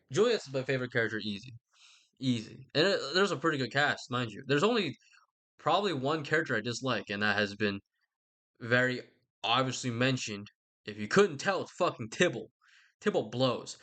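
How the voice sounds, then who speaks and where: A man's voice: mid-range voice, sharp tone. Young man, casual rambling commentary, profane, offhand. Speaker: video host.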